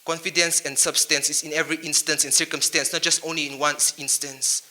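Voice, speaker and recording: Sharp-voiced man giving a motivational speech. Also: on the high side, level tone, fairly quick. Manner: rhyming wordplay, punchy and emphatic. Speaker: motivational speaker. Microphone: handheld mic.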